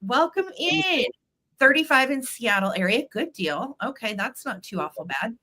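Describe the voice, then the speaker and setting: A woman's voice: on the high side, very animated, moderate pace, bright, forceful tone. A middle-aged woman hosting a live vintage sale stream, bubbly and chatty, greeting viewers by name.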